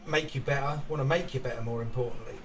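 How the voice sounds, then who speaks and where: A man's voice: medium pitch, quick pace. Podcast host guy, chatty and laughy, sounds far from the mic with some hiss. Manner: chatty, asks questions, laughs often. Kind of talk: casual podcast chat. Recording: distant mic with faint noise.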